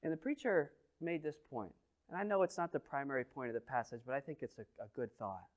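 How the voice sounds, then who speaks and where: A man preaching a sermon, telling a story in an animated way, dropping to near quiet and then rising loud as he acts out the scenes. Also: mid-range voice, fast talker. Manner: animated storytelling with big swings in volume; acts out scenes and quotes with playful voices. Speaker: pastor.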